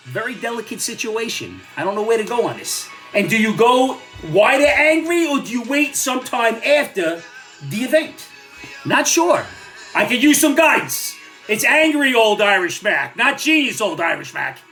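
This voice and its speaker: An older man with a lively, swinging delivery rants bluntly and sarcastically, jumping between gripes and home stories. Faint music plays behind his voice. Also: very high voice. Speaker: vlogger. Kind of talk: ranting commentary vlog.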